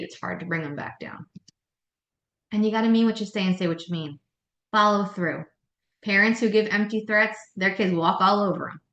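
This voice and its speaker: A woman's voice: mid-range voice, a bit bright. A woman leading a childcare staff meeting, giving direct, practical tips on classroom management. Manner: direct, practical, coaching tone with quoted classroom lines. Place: meeting room. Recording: echoey meeting room.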